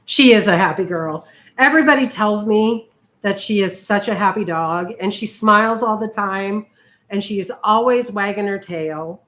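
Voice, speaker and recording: A woman's voice: medium pitch, normal speed, fairly bright tone. A middle-aged woman chatting casually while she crafts, often slipping into cooing baby talk with her dog. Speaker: art journaling vlogger.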